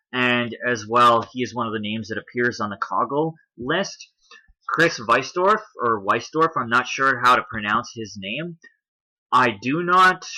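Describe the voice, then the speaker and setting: A man's voice: mid-range voice, bright, forceful tone, rough recording. A man hosting his own channel, talking casually through a screen-shared chart and thinking aloud as he goes. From Canada. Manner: conversational, thinking aloud while browsing a chart. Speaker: political commentary channel host. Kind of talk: screen-share explainer commentary.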